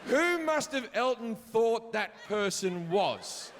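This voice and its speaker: Bright high-voiced comic guy, swears a lot, yells the punchlines, big echoey theater. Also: slow, a crowd in the background, noisy background. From Australia. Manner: profane, animated, shouts punchlines. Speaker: stand-up comedian. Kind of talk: stand-up storytelling. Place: large theater stage. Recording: live hall reverb, audience ambience.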